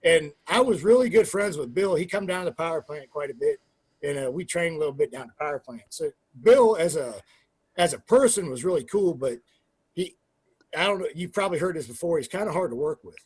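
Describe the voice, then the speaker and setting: A man in his forties, a former pro wrestler, telling profane, animated stories in an interview and acting out quoted dialogue. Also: fairly high pitch, a little fast, husky, dry recording. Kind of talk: casual storytelling interview.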